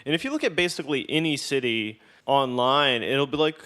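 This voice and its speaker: A man's voice: mid-range voice, big pitch swings, fairly quick, few pauses, fairly bright tone. A man hosting a podcast in casual chat, rambling and wry with a lot of swearing. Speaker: podcast host.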